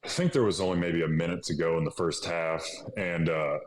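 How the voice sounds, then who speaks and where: Deep-voiced man telling a story. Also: brisk. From Illinois, USA. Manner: animated, acts out dialogue, laughs often. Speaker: podcast guest. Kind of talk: casual interview storytelling. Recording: echoey room.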